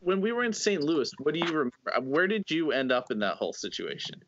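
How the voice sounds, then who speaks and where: A man's voice: fairly high pitch, very animated, fast talker, fairly bright tone, lo-fi sound, slight background noise. A man casually asking a friend to explain what happened. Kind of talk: casual chat.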